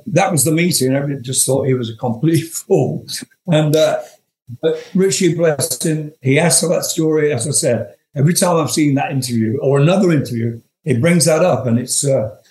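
A man's voice: a little high, a little mellow. Chuckling older man in a roomy echo. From England. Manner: chuckling, profane, rambling anecdotes. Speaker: guest. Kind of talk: storytelling interview.

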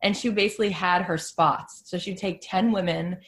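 A woman's voice: on the low side, steady tone, normal speed. Chatty woman host telling a story. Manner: chatty, frequent "like" fillers. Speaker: podcast host. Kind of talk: casual storytelling monologue.

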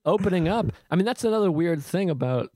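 A man's voice: sits high, lively intonation, quick pace, mellow, dry recording. Guy hosting a podcast, swears casually, rambly jokey chat, dry close mic. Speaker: podcast host, comedian.

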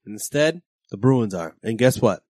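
A man's voice: lowish voice, lively intonation, normal speed, a little mellow, no room sound, studio quality. A man, co-hosting a sports podcast in profane, emphatic casual banter. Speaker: podcast co-host.

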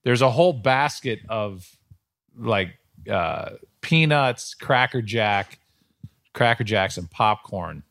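A man's voice: fairly low pitch, animated, slow pace, fairly bright tone, no room sound. A middle-aged man, a podcast host and sports broadcaster, telling long, rambling anecdotes in casual chat.

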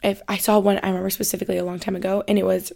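A woman's voice: mid-range voice, flat delivery, rapid-fire, gravelly, a little mellow. A young woman hosting a podcast, telling a story in a chatty, rambling way and often correcting herself mid-sentence. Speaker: podcast host. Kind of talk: casual storytelling monologue.

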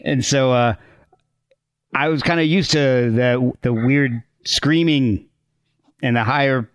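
A man's voice: medium pitch, slow, smooth, no room sound, studio quality. A man, a musician guest on a video call, chatting casually and agreeably. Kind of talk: casual chat.

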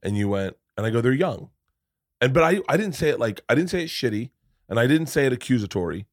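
A middle-aged man telling stories in a casual podcast chat, profane and animated, with many asides. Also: mid-range voice, fast talker, no room sound, studio quality. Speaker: podcast guest.

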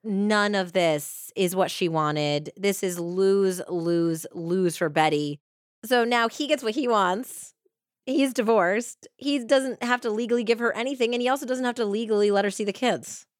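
A woman tells a true-crime story in a loose, chatty way, full of "like" and "you know". She acts out what people said by leaping up in pitch. Her voice sits at a middle pitch and sounds dry and close to the mic. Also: a little slow, dry recording. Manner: animated retelling, acts out quotes with pitch jumps; many fillers like "like" and "you know". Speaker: podcast co-host.

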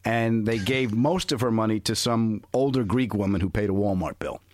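A man's voice: lowish voice, normal speed, no room sound. A man hosting a casual show, playfully retelling a news story and joking with his co-hosts. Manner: playful, jokey, lively storyteller. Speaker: podcast host. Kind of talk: casual radio show banter.

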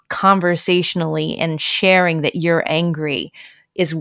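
A middle-aged woman hosts a podcast and talks in an easy, conversational way, asking questions and sharing family stories. Her voice is quite deep. The recording is dry and close. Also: steady tone, normal speed, no echo. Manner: conversational, asks questions, shares family anecdotes.

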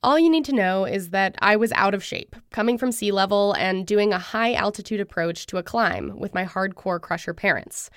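A woman podcast host speaking directly to listeners between clips, in a smooth, composed way. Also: mid-range voice, moderate pace, few pauses, fairly bright tone, no echo, clean studio sound. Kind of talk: narration between interview clips.

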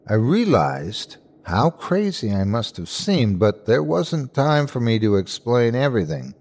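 A man hosting and narrating a scripted horror story with a measured, suspenseful delivery. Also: medium pitch, big pitch swings, darkish tone. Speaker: host and narrator.

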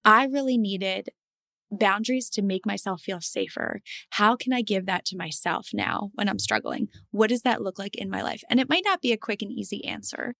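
A woman co-hosting a relaxed podcast, thinking out loud as she talks. Her mid-pitched voice has some gravel in it, and the recording is close and dry. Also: moderate pace, dry recording. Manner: reflective, asks herself questions aloud. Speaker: podcast co-host, therapist. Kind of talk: casual podcast chat.

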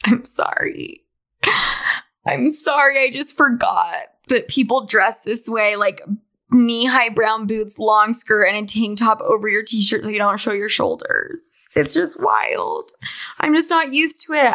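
A woman's voice: fairly high pitch, measured pace, a bit bright. A woman in her twenties from Utah hosting a podcast in a candid, chatty monologue, swearing freely and saying "like" often. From Salt Lake City, Utah, USA. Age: 20s. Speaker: podcast host. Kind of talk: casual monologue.

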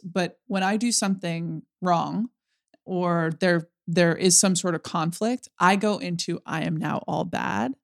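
A woman co-hosting a podcast, reflecting in a personal, thoughtful way. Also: lowish voice. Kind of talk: conversational podcast interview.

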